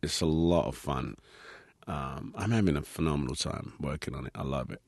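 British man with a very low voice, easygoing interview guest who laughs often and drifts through "um"s as he tells stories. The sound is dry and close, with no room around it. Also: moderate pace, no room sound. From Britain. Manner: laughs easily, relaxed storytelling with many fillers. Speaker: actor guest. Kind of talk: casual interview chat.

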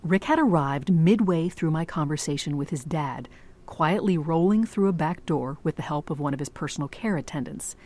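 Radio reporter: woman with a low voice, measured scripted narration. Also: mellow. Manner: measured, clear storytelling.

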